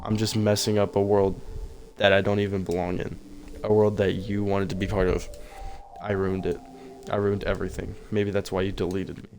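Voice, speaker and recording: A man reading aloud the lines of a desperate, lovesick teenage girl from a game, in a plain, flat voice. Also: low-pitched, normal speed, noisy background. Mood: remorseful.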